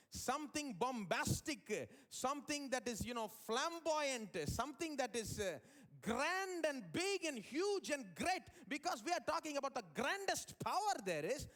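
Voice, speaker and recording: A male pastor preaching a live church sermon with big swings in pitch and loudness. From India. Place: church service.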